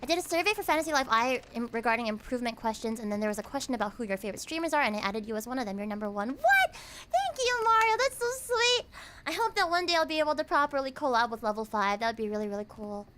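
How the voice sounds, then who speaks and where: A young American woman streaming a cozy late-night chat, reading comments aloud, playful and squealing at times, then soft and reflective. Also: on the high side, very fast, hardly any pauses, a little hiss or hum. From United States.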